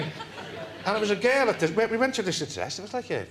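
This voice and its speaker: An older man from England, a talk-show guest telling a long story in an animated way and laughing through it. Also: high-pitched, fast, very noisy. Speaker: interview guest. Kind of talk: anecdotal storytelling.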